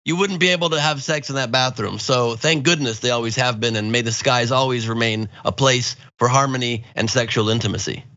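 Jokey male co-host with a bright voice. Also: mid-range voice, a little fast, hardly any pauses, no echo, highs cut off. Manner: jokey, crude, mocking humor.

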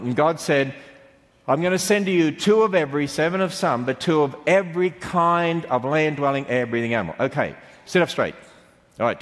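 Aussie guy teasing and quizzing kids at church, big echoey hall. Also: medium pitch. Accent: Australian. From Australia. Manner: playful, quizzing the audience. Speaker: speaker to children. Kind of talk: children's church talk. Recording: long hall reverb.

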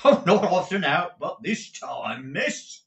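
A man voicing an insolent, grinning male footman who talks in a mocking, drawn-out way. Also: medium pitch, big pitch swings, pushed and bright, pitched above the performer's own voice, heavily acted. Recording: roomy echo.

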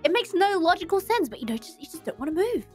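Lively high-voiced young woman. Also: fast talker, faint music behind. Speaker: guest streamer. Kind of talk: casual chat.

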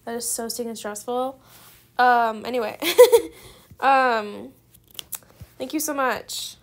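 Young female student gamer, gushing and excitable; high-pitched with a gravelly fry. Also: slow pace. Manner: gushing, effusively grateful, giggly. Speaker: gaming video creator. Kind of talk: excited gameplay commentary.

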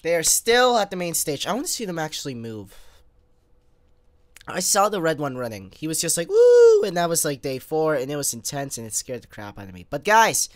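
In a dry recording, a young man with a slightly high voice does let's play commentary for his viewers. Excitable, he grumbles at the game and breaks into bouts of sneezing and coughing.

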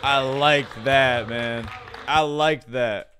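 A man giving casual, excited play-by-play commentary on a basketball game, full of slang. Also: medium pitch, very slow, crowd noise, noisy background. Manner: excited, chatty, loose slang.

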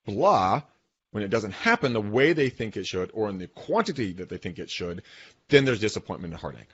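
A man co-hosting a podcast, talking in animated, emphatic casual business chat and swearing now and then. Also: on the low side, a little fast, breathy edge, dry recording, muffled recording. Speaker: podcast co-host.

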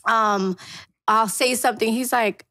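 A woman guest talking candidly about marriage, animated and acting out both sides of her arguments. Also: fairly high pitch, a little slow.

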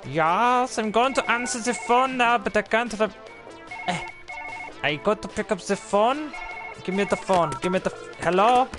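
A man voicing a bumbling, flustered male surgeon in a put-on German accent, loudly cursing and muddling through a game. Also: high voice, expressive, moderate pace, over music, voice pushed up. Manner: loud, exasperated, swearing at objects. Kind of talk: gameplay commentary in character.

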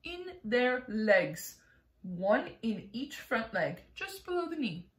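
A woman voicing a wise old male grasshopper who lectures gently and proudly, in a storybook read-aloud. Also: on the high side, big pitch swings, slow pace. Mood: gentle. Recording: roomy echo.

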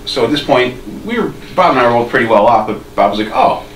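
A man's voice: medium pitch, expressive, quick pace, a bit bright. Podcast co-host, male, loose rambling storyteller, roomy distant sound. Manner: rambling, laughing storyteller with restarts. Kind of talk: casual storytelling. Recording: roomy, distant mic with faint noise.

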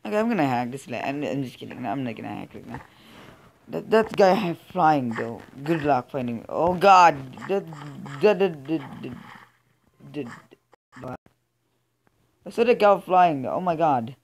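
A let's play gamer giving casual commentary, excitable and often stammering or blurting out sudden exclamations. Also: mid-range voice, normal speed, vocal fry, slight background noise.

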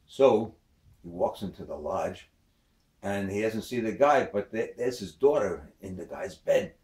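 A man's voice: extremely low pitch, darkish tone. A man telling a long joke in a rambling way, full of "uh" and "you know". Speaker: joke teller. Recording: echoey room, distant mic.

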